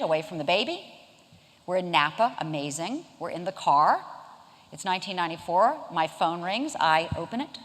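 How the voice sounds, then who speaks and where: A woman's voice: on the low side, noisy background. A woman in her fifties from South Carolina gives a humorous, conversational keynote talk, telling a story from her own career. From Charleston, South Carolina. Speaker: keynote speaker. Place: event hall. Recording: long reverb of a lecture hall.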